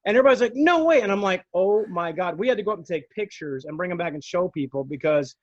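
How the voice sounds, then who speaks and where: A man with a high voice tells stories in casual conversation, playing out the voices of people he quotes. His voice sounds dry and a little dull, with no room behind it. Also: fast, dry recording. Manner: animated storyteller, acts out quotes. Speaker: podcast co-host, former dispatcher. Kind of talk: casual storytelling chat.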